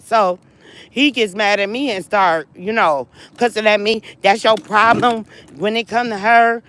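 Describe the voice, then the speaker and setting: A woman vlogger with a mid-range, slightly bright voice speaks at normal speed over poor audio. She tells her viewers a long personal story in a casual, venting way. She sounds upset and worn down, repeats herself often, and addresses them directly.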